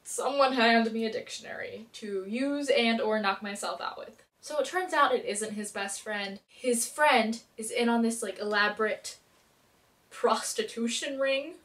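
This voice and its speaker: A bubbly woman recapping a TV episode in a rambling, self-mocking way. Her voice sits a little high, and she is a bit far from the mic, as if speaking to a camera across a room at home. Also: normal speed, few pauses, a bit bright. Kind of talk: casual episode recap and review.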